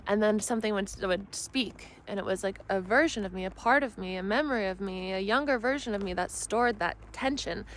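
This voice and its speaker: A woman spiritual mentor talking in a soft, rambling, earnest way for her vlog, filming herself on a phone at arm's length while riding outdoors. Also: mid-range voice, a little hiss or hum, rough recording. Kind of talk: casual self-help vlog talk. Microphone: phone held at arm's length.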